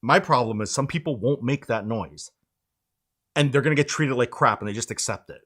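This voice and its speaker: A man's voice: medium pitch, brisk, fairly bright tone. A man hosting a casual tech live stream, ranting with exasperation and talking to his chat. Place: home studio, indoors.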